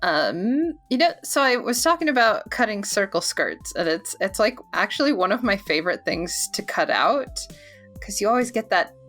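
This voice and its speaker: Lady hosting a chatty podcast, lively up and down voice, laughs easy, soft music under. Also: mid-range voice, normal speed. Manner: animated, laughing, reads sponsor plugs. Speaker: podcast host. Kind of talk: casual podcast chat.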